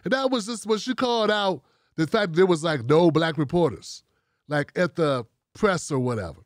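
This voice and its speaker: A man's voice: a little high, moderate pace, no room sound, studio quality. A man hosting his own commentary show, talking bluntly and casually with plenty of profanity before taking phone calls. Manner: blunt, profane and animated, talking straight at the audience. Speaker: show host.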